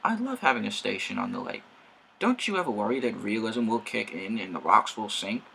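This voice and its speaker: A man voicing an excitable, cheeky male steam engine in a fan-made story. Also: lowish voice, brisk, gravelly, slight background noise, exaggerated voice, low-quality recording. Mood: eager. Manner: excitable, boastful.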